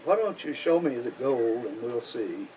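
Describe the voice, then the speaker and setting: A man's voice: mid-range voice, animated, a little slow, warm tone, a little hiss or hum, lightly acted, poor audio. A man with a Kentucky accent voicing a crafty young trickster who talks in a coy, folksy drawl. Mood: sly.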